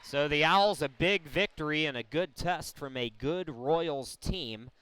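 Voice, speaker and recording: Measured college basketball announcer, man. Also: on the high side, sharp tone, clean tone. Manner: measured, explains the situation between plays. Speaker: play-by-play announcer. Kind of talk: sports commentary. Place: college gym broadcast.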